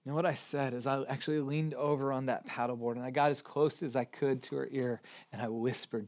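A man in his forties preaching a sermon, moving between gentle near-whispers and urgent appeals. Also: mid-range voice, steady tone, a little fast, few pauses. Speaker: pastor.

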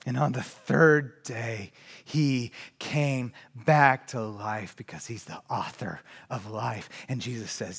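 Impassioned preacher, hushed then shouting. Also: male voice, medium pitch, slow, vocal fry, husky. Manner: swings from hushed, near-whispered lines to loud impassioned shouting. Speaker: pastor. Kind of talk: sermon. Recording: long hall reverb.

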